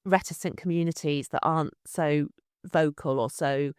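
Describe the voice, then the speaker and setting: A woman director of culture being interviewed, talking in a lively way and often repeating words as she restarts her sentences. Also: sits low, normal speed, smooth, dry recording, studio quality. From England. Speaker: city culture director, guest. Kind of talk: conversational interview.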